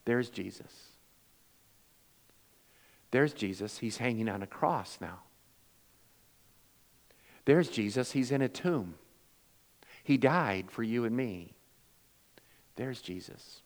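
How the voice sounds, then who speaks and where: A male pastor delivering a sermon, swinging from loud, emphatic lines to hushed, quiet ones, and acting out the voices in his stories. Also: medium pitch, lively intonation, slow pace, long pauses, long reverb tail. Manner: acts out quoted voices in storytelling.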